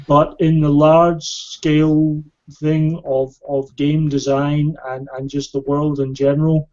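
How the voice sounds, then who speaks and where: Slow, halting man with a higher voice. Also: flat delivery, a little mellow. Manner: halting, repeats words before getting going. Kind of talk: casual chat. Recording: dull lo-fi podcast audio.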